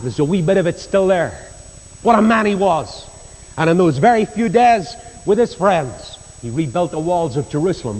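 An older Northern Irish preacher tells Bible stories with a fairly high voice. His pitch climbs when he presses a point, and he acts out the voices of the people in the stories. A long reverb trails each phrase. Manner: storytelling, acts out quoted voices, rises in pitch for emphasis. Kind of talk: sermon.

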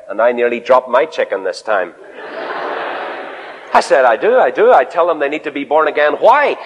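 Emphatic preacher in a reverberant hall. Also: male voice, lively intonation, a little fast. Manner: emphatic, swinging between loud high exclamations and low asides. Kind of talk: evangelistic sermon with anecdotes.

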